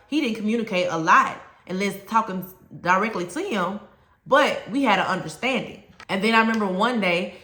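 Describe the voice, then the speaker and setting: A woman's voice: fairly high pitch, bright, forceful tone, echoey room. A woman, a former teacher, giving conversational classroom advice to other teachers, telling stories and repeating key points for emphasis.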